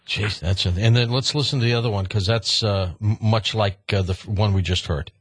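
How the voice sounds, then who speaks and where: A man's voice: lowish voice, fairly quick, husky, no echo. A man hosting an interview, introducing recordings with brief, casual prompts. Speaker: radio show host.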